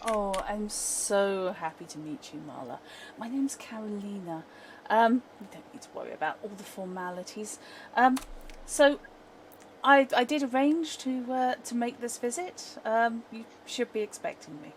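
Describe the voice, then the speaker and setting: A gracious young noblewoman, put on by a woman, pitched a touch higher and lively, all genteel charm and chatter. Her manner stays courteous and friendly in this tabletop game. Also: normal speed, slight background noise, rough recording. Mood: cheerful.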